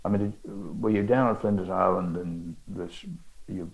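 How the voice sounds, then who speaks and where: An older Australian man, an author in conversation at a bookshop event, telling rambling anecdotes with halting restarts. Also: low-pitched, steady tone, creaky, dull audio, faint music behind. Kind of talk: onstage literary conversation.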